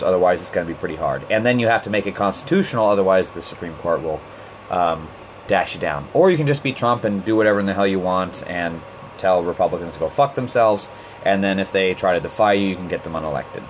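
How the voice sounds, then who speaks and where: A man's voice: deep voice, brisk, slight background noise. A man hosting a casual livestream, talking in a profane, opinionated and rambling way into a handheld phone. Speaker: livestream host. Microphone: phone held in hand.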